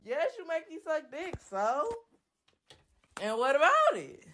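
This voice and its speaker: A woman's voice: high-pitched, wildly swooping pitch, slow, a bit bright, slight background noise. A drunk woman ranting on a home livestream, brash and taunting, repeating her jabs over and over. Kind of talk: livestream rant. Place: home bedroom, indoors.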